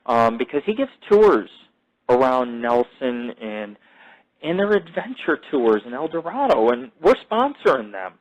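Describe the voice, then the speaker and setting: A man's voice: mid-range voice, very animated, muffled recording. Rambling, foul-mouthed man hosting a show. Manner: profane, digressive, self-mythologizing; halting restarts and repeated fillers. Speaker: podcast host. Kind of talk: rambling casual monologue.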